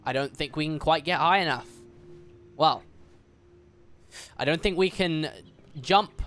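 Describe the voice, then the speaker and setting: A man's voice: a little high, measured pace, a bit bright. Jokey male streamer talking to the game. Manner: rambling, jokey, talking back to the game's narrator. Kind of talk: casual livestream commentary.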